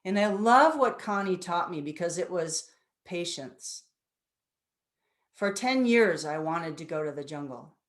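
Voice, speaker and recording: A woman in her fifties speaks in a lowish voice at a moderate pace, giving a personal storytelling talk as a guest speaker at a spiritual center. Her tone is earnest and reflective.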